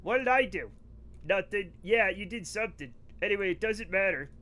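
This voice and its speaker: A man's voice: sits high, animated, normal speed, pushed and bright. A man with a New England accent chatting casually and animatedly on a live game stream, joking with his viewers. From northeastern United States.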